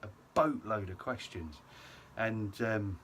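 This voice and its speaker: A man's voice: on the low side, slow, fairly bright tone, slight background noise. Chatty guy telling a funny story. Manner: chatty, self-mocking, lots of ums and et ceteras. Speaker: vlogger. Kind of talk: casual storytelling to camera.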